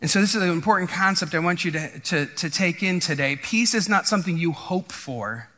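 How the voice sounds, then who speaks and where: A man's voice: high voice, animated, a little fast, bright, forceful tone. A man preaching a casual, conversational sermon as pastor, often restarting phrases and checking in with the congregation. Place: church.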